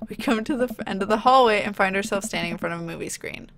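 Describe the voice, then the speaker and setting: A woman's voice: medium pitch, fast, fairly bright tone, slight background noise. A woman streamer reading a dating game's narration aloud with playful, jokey asides. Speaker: game streamer. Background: game music.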